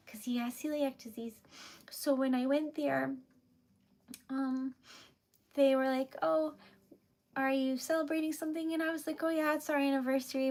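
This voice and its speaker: A woman's voice: high voice, a little mellow. A young woman, chatting casually on a live stream, giggly and emotional with lots of fillers. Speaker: livestreamer.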